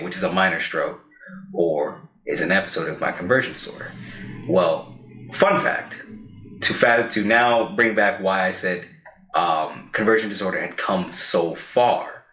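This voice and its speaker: Lively storytelling man in a roomy space. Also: sits low. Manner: animated storyteller who acts out quoted lines. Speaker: podcast co-host. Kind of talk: casual podcast storytelling. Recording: roomy echo.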